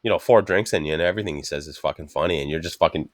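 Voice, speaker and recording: A podcast co-host with a very deep voice talks very fast in casual chat, recorded dry. He tells rambling, swear-filled anecdotes and acts out the things other people said.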